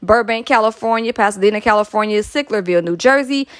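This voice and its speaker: A woman's voice: mid-range voice, fast talker. Chatty woman podcast host. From Atlanta, Georgia. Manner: chatty, laughs often, playful asides. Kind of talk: casual podcast shoutouts.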